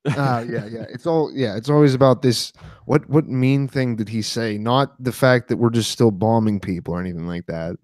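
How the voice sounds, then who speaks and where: A man's voice: medium pitch, moderate pace, a little mellow, no room sound, studio quality. A man co-hosting a casual podcast, joking and sarcastic, rambling with fillers. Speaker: podcast co-host.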